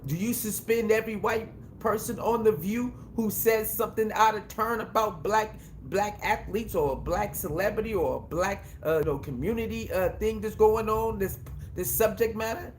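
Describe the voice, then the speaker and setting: A man's voice: high-pitched, moderate pace, a little hiss or hum. A man hosting his own commentary show, talking casually and emphatically with slang, often repeating his points. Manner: slangy and informal. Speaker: commentary channel host.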